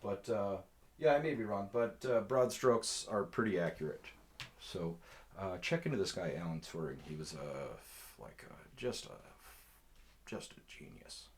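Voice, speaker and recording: Low-voiced rambling man telling stories. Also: lively intonation, a little slow, slight background noise. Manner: rambling, profane, laid-back. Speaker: storyteller. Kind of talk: casual storytime.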